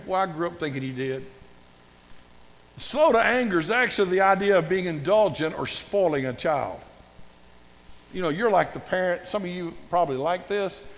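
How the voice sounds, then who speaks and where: An older man preaching a sermon as a pastor, folksy and humorous, with animated storytelling. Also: high voice, in a large hall, rough recording.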